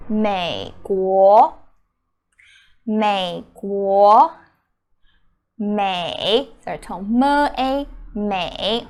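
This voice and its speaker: A woman's voice: medium pitch, extremely slow, pauses often, darkish tone. A young adult woman teaching a beginner Mandarin lesson, patiently repeating words and explaining each one. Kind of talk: slow beginner language lesson.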